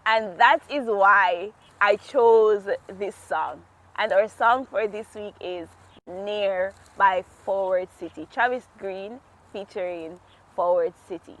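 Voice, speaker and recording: A woman vlogger telling a personal faith story in a casual, heartfelt way, laughing often as she talks outdoors. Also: medium pitch. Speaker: devotional vlogger. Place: outdoors in a quiet natural area.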